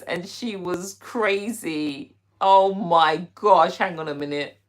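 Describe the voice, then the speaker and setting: This young British woman speaks in a lowish voice and takes her time. She hosts a live stream, chatting casually, giggling, and answering viewers by name as she reads the chat.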